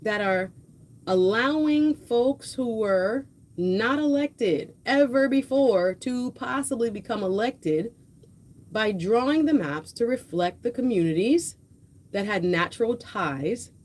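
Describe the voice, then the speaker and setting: This is a woman running a political livestream from home on a headset microphone, offering casual live commentary. She sounds passionate and conversational and addresses the audience directly. Her voice is on the high side and a little mellow, slow-paced but with lively intonation.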